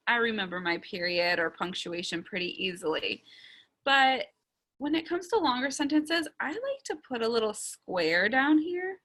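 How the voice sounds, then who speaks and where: A woman from Ohio teaching a slow early-grade writing lesson, sounding out letters and words deliberately. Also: on the high side, bright, forceful tone. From Ohio, USA.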